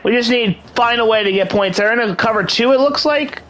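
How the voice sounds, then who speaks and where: A young man giving excited play-by-play commentary over a video game in a hyped, mock sports-announcer manner. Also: very high voice, a little fast, soft background music, poor audio. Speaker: gaming channel host.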